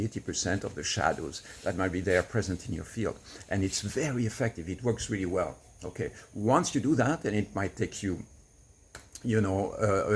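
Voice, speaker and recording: Earnest low-voiced male coach. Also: a little hiss or hum. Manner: earnest, explanatory, with soft laughs. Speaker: relationship coach. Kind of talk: teaching to camera.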